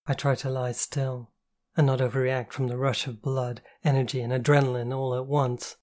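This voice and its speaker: A woman reading a novel aloud in the first person, calm, slow and intimate. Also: extremely low pitch. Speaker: audiobook narrator.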